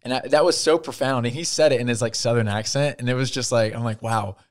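A young man talks in a relaxed podcast conversation. He is earnest and chatty, with easy laughs, and his voice sits at an ordinary middle pitch. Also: fast talker. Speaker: podcast co-host. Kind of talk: casual chat.

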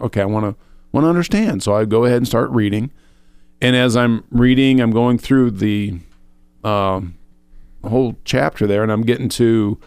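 With a fairly low, smooth voice and no echo, this co-host of a faith program shares a personal testimony in relaxed chat. He earnestly relives a spiritual moment, quoting what he thought at the time and frequently starting his sentences over.

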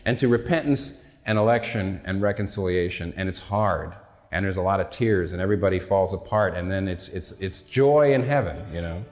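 A man's voice: deep voice, fairly quick, a little mellow. A male pastor preaching a sermon in a conversational, storytelling way, with self-deprecating asides. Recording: long hall reverb.

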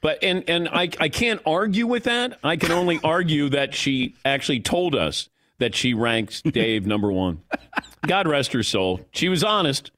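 Lively-voiced man in his sixties hosting radio. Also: on the high side, moderate pace. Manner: storytelling, self-mocking, acts out quotes. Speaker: sports radio host. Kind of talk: casual talk radio chat. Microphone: studio microphone.

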